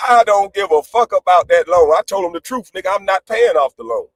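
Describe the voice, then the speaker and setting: A man ranting on a live stream panel in a brash, profane way. He swings between loud outbursts and low, laughing asides. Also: lively intonation, a little fast, few pauses, poor audio. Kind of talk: heated livestream rant.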